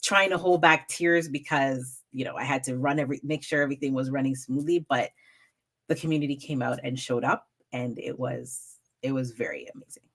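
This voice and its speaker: A woman with a low, dark voice talks in a relaxed interview as a storyteller. She is animated and slips into the voices of the people in her stories. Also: a little fast. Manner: animated, acts out quoted moments with raised pitch. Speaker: storyteller guest. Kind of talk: casual interview chat.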